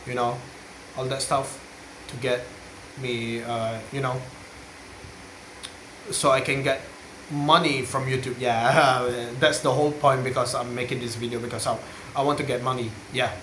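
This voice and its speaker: A man's voice: mid-range voice, level tone, measured pace, long pauses, bright, forceful tone. A man rambling and joking crudely in a casual vlog. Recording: echoey room, faint hiss.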